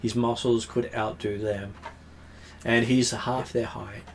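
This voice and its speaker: A man's voice: medium pitch, little pitch movement, gravelly, a loud crowd. Man narrating as game master. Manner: descriptive, with frequent "uh" pauses. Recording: faint background noise.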